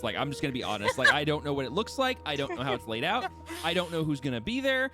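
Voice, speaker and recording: Between sessions, a young man who runs a tabletop game makes casual table talk, rambling, restarting, and chuckling at his own words. His pitch is fairly high, and he talks fast and with a lot of animation. Music plays in the background.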